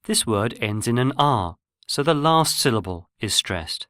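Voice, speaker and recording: Male narrator for a language course, measured and explanatory, mid-pitched, dry close recording. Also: big pitch swings, pushed and bright, no room sound. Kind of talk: scripted lesson narration.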